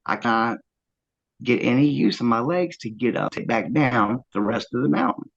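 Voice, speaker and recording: A man earnestly recounting a first-hand encounter, halting often with fillers as he tells it. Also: mid-range voice, animated, vocal fry, highs cut off. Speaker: eyewitness interviewee.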